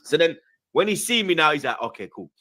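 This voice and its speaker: Bright lively London man telling a story. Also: fairly high pitch, fairly quick. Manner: lively, slang-heavy, acts out quoted voices. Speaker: guest. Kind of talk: animated storytelling.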